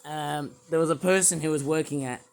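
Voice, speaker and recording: A man with a sore, hoarse throat, rambling through a casual toy review vlog from a quiet room at home. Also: a little high, fairly even intonation, a little fast. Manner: rambling, repeats fillers and restarts.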